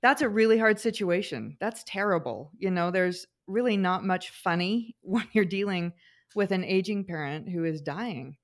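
A middle-aged woman, a guest on a talk show, telling personal anecdotes in an expressive, animated way. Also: medium pitch, normal speed. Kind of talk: conversational storytelling.

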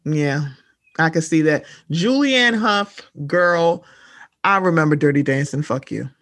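Podcast co-host, mid pitch, blunt and profane, sarcastic pop-culture gossip, very dry close sound. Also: expressive, unhurried, a bit bright, dry recording. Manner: blunt, profane, sarcastic, addresses listeners as y'all. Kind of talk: casual pop-culture chat.

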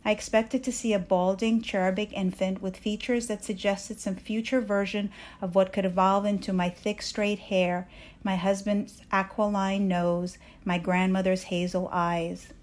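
A woman reading her own personal essay aloud in a measured, candid storytelling voice. She grew up in Soviet Ukraine. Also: medium pitch, flat delivery, a little mellow.

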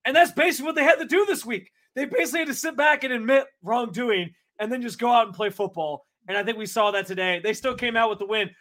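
A man's voice: very high voice, quick pace, few pauses, a bit bright. A man co-hosting a casual sports podcast, laughing often and making long, winding points. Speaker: podcast co-host.

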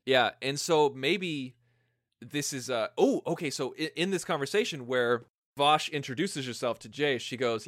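A man co-hosting a podcast, chatting casually and brainstorming ideas out loud. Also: mid-range voice, expressive, normal speed, no echo, clean studio sound. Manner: brainstorming, acts out scenes in quoted voices. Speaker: podcast co-host. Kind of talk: casual fan chat.

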